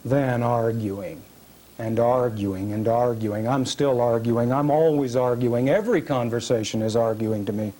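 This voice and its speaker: A man reading his own first-person fiction aloud at a literary reading, measured and dramatic, with heavy pauses. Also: mid-range voice, warm tone. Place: reading series event.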